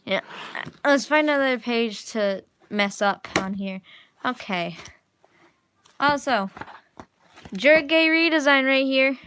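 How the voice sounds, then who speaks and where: In her living room, a young art vlogger chats casually while drawing, rambling, restarting often, and poking fun at herself. Her high voice has lively intonation and a bright, forceful, clean tone, delivered slowly with long pauses.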